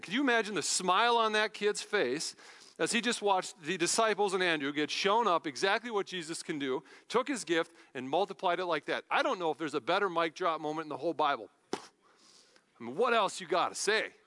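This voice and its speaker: A male pastor delivers a sermon in a high, very animated voice with a bright, forceful edge. He tells the story casually, slipping into everyday voices for the figures. The sound carries a long hall reverb. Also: brisk.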